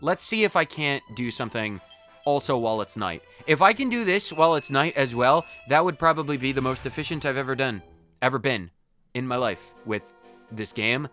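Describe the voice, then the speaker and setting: Bright, lively man playing a game. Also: medium pitch. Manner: excitable, rambling, playful. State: hopped up on caffeine. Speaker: let's play host. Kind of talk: gameplay commentary.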